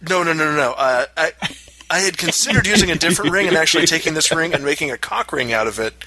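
Bright-voiced man telling a story. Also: quick pace, faint music behind, low-quality recording. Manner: animated, acts out quotes in high voices. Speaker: podcast co-host. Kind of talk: casual storytelling chat.

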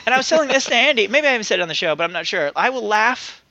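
A man's voice: sits high, animated, racing, pushed and bright, no room sound, dull audio. A man co-hosting a podcast in casual chat, rambling and laughing often. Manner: chatty, laughs often, trails off and restarts. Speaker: podcast co-host.

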